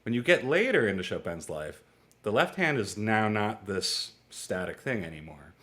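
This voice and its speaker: A man in his forties teaching music theory in a casual, chatty lecture, digressing into stories and acting out little exchanges. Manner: chatty and digressive, with quick asides and laughs; acts out dialogue with lively jumps in pitch. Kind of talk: casual lecture to a small online class.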